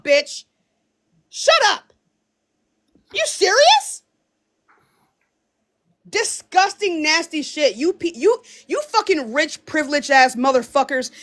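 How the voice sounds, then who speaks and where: A woman's voice: very high voice, fairly bright tone. A young woman livestreaming, ranting angrily and hurling profane insults at her viewers. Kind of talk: live-stream rant.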